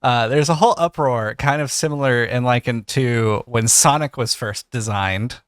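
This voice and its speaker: Guy cohosting a podcast, rambles n restarts a lot, mid pitch, dead dry mic. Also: normal speed, a bit bright, clear, resonant tone, no echo. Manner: rambling, self-correcting. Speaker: podcast co-host. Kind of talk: casual chat.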